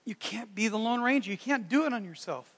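A man preaching a sermon in a folksy, animated way, breaking into loud shouted impressions. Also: high voice, a little fast, long reverb tail. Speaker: pastor.

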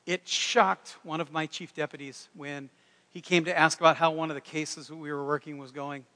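A man preaching a sermon in a folksy, animated way, breaking into loud shouted impressions. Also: on the high side, moderate pace, big-room sound. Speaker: pastor.

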